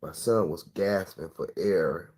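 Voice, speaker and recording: A middle-aged man telling a personal story in a casual, profane, animated way, acting out the quotes. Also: sits low, slow.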